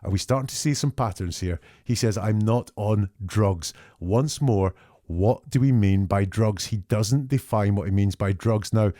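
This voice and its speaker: Guy breaking down quotes word by word, low mellow voice, dry close sound. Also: unhurried, dry recording. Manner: conversational, picks apart quotes word by word. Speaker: statement analyst host. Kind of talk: analytical commentary.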